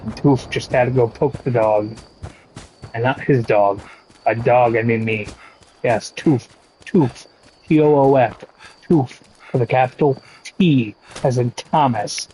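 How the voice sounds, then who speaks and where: A man streaming a game, chatting with his audience in a slow, laid-back way with lots of swearing. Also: medium pitch, darkish tone, a little hiss or hum, rough recording. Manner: slow, laid-back, profane banter with chat. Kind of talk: casual gaming stream chat.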